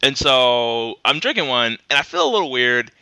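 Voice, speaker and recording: A man's voice: medium pitch, lively intonation, moderate pace, bright, forceful tone, smooth, no echo. A man casually telling rambling stories among friends, laughing often and acting out what people said. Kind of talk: casual storytelling chat.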